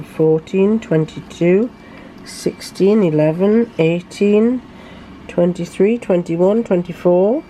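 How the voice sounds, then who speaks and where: A woman's voice: fairly low pitch, slow, dark tone, a little hiss or hum. An older woman vlogging at home, chatting casually and laughing often while she narrates her day. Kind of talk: casual home vlog chat.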